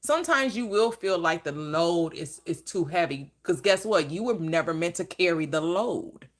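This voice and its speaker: Her lowish voice has lively intonation and a moderate pace as she teaches manifestation in a sermon-like motivational talk. She stresses points emphatically, repeats phrases again and again, and performs quotes dramatically.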